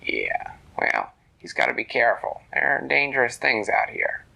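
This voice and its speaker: A man voicing a big, slow, laid-back male turtle in a storybook who talks bluntly. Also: mid-range voice, wildly swooping pitch, creaky, sharp tone, full character voice. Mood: gruff, easygoing.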